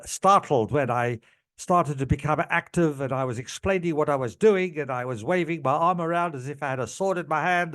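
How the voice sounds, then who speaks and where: A man telling a personal story to camera in a halting way, with many pauses and restarts, moved as he speaks. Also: mid-range voice. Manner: slow, halting, with many fillers and restarts, growing emotional. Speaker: channel host telling a past-life story.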